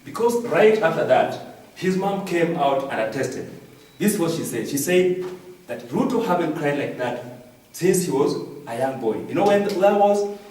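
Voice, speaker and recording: A man's voice: a little high, lively intonation, normal speed, a little mellow, a little hiss or hum. Man, Kenyan accent, satirical news monologue, repeats punchlines, far-off mic, heavy echo. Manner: repeats punchlines with "I'm telling you". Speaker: comedian. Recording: very echoey, distant from the mic.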